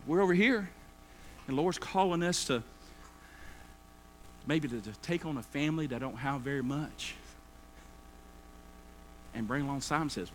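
A man's voice: mid-range voice, normal speed, long pauses, slight background noise. A man preaching a sermon, folksy and acting out everyday complainers. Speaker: pastor.

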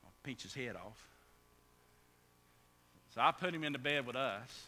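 A man preaching a sermon as pastor, often stammering and restarting, then building to loud, fervent preaching. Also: mid-range voice, expressive, unhurried. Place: church sanctuary. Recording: echoey hall with faint hum.

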